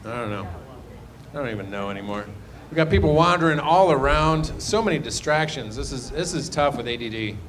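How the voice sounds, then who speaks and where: A man's voice: mid-range voice, lively intonation, fairly quick, a bit bright. A man doing loose, rambling stand-up crowd work in a comedy club, trailing off into muttered asides.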